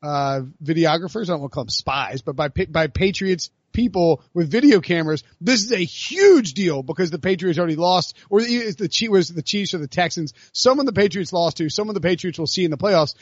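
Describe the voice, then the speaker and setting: A man co-hosting a sports podcast in casual chat, rambling and animated with many restarts. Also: sits high, fairly quick, few pauses, no echo, highs cut off. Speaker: podcast co-host.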